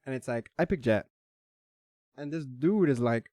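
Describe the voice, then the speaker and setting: A man's voice: medium pitch, animated, normal speed, dark tone, no room sound, studio quality. A young man ranting casually about a bad online game, heated and swearing, with lots of restarts. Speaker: vlogger. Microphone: desk microphone.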